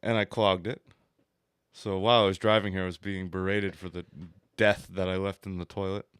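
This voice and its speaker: A man's voice: deep voice, flat delivery, moderate pace, fairly bright tone, clear, resonant tone, no echo, studio quality. A man co-hosting a podcast, rambling through crude, mocking jokes in casual banter. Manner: rambling, crude jokes, mock painting-show narration. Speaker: co-host.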